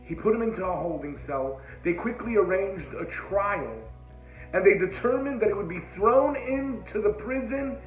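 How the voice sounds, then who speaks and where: A man with a fairly high voice tells an inspirational sermon story, building drama and then sinking to a hush. He weaves Hebrew religious terms into his speech. The sound is roomy, with faint music underneath. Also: expressive, moderate pace. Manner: dramatic, drops to a hushed voice at moving moments. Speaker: religious speaker.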